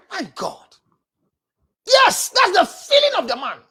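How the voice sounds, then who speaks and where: High-voiced scolding Ghanaian woman counselor. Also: big pitch swings, unhurried, slight background noise. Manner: forceful, scolding, often shouting. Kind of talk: preaching relationship advice to camera.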